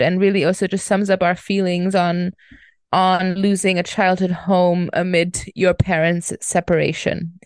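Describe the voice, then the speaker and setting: A woman co-hosting a podcast, talking casually in a gentle, hesitant way with frequent pauses and fillers. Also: mid-range voice, smooth, dry recording. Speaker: podcast co-host.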